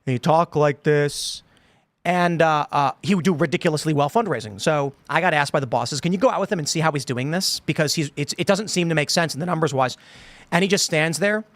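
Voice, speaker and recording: Man in his thirties, host of a political chat show. Slightly high voice, dry close sound, rambling, drops into quoted voices. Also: fast talker, fairly bright tone, no room sound. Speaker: podcast host.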